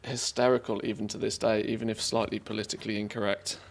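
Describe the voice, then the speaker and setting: Streamer, gravelly, chatty, thinks out loud mid-game. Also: male voice, fairly low pitch, little pitch movement, fast talker. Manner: thinking aloud, chatty, laughs easily. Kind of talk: casual live-stream commentary.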